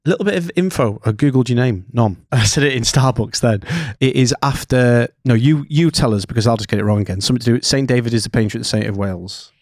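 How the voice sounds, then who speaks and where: A man's voice: mid-range voice, quick pace, no echo. A man hosting a podcast in a studio, chatty and casual, swearing now and then. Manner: chatty, swears casually, acts out his inner voice. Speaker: podcast host. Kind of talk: casual interview chat.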